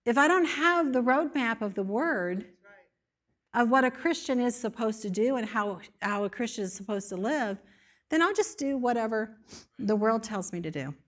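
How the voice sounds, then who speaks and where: Woman preaching a sermon, kinda high voice, emphatic, keeps repeating stuff in lists. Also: animated, moderate pace, a bit bright. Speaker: speaker in a church setting.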